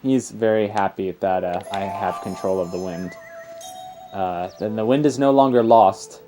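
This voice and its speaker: This young let's player chats casually about his gameplay, rambling with plenty of fillers and tangents. He talks a little slowly in a fairly low, dark voice. Game music is faintly audible behind him.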